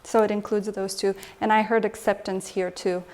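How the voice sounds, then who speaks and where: A woman's voice: mid-range voice, level tone, moderate pace, a little mellow, slight background noise. A woman emotional health coach giving a lecture to a live group, engaging the audience with frequent questions.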